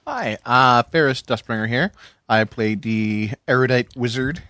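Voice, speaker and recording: A man's voice: medium pitch, measured pace, sharp tone, dry recording, clean studio sound. Hesitant man on a podcast. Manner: hesitant, lots of ums. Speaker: podcast player. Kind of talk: casual podcast chat.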